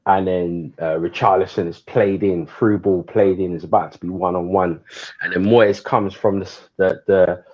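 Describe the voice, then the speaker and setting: A man joins a casual football chat as a guest. He talks in a laid-back, slangy way in a very low, husky voice. The sound is slightly dull. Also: steady tone, moderate pace. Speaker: guest fan.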